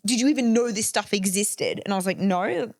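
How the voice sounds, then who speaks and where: A woman's voice: mid-range voice, brisk, gravelly, dry recording, studio quality. A woman, a fitness trainer guest, telling stories in a casual podcast chat with lots of laughter. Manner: animated storyteller, laughs often.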